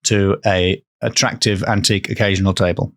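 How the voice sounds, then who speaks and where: A man hosting a podcast, telling a folk tale in casual chat, playful and quick to laugh. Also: low-pitched, steady tone, a bit bright. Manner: playful, laughs often, tells folklore. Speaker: podcast storyteller host.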